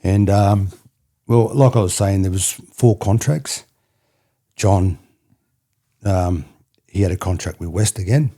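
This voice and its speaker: This middle-aged Australian man from country New South Wales, a former rugby player, is a guest on a relaxed podcast, and his voice is low, dark and husky. He takes his time with long pauses, telling reflective stories in a loose, rambling way and often circling back with "you know what I mean".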